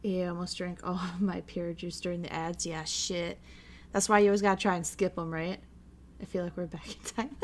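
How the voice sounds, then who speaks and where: A young woman chatting casually while watching a movie with her viewers, full of "like" and quick laughs. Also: on the low side, fairly even intonation, faint music behind, low-quality recording. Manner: chatty, lots of "like", frequent laughs. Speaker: streamer hosting a watch-along. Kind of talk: casual chat.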